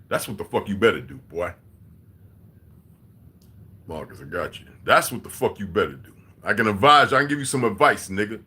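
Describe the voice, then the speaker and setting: A man hosting a livestream in casual chat, reading and answering viewer comments, profane and blunt, laughing often and swinging between quiet muttering and loud heated outbursts. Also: lowish voice, lively intonation, fairly quick, pauses often, slightly rough. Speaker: livestream host.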